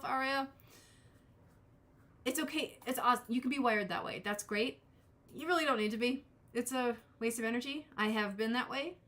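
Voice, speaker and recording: A woman's voice: mid-range voice, a bit bright. A woman hosting a live tarot reading, chatting casually with viewers and drifting into self-deprecating asides. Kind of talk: casual live-stream chat.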